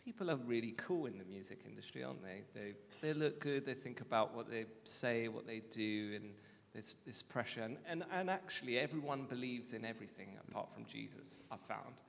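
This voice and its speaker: Guy with a gravelly lowish voice telling his faith story, kinda self-deprecating, big echoey hall w faint rumble. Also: animated, fairly quick, few pauses. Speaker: guest speaker.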